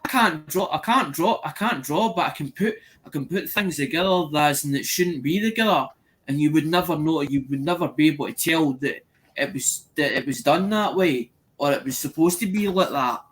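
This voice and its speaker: A man's voice: fairly high pitch, normal speed, fairly bright tone. A man chatting casually in a group, rambling and repeating himself, peppering his talk with "as in".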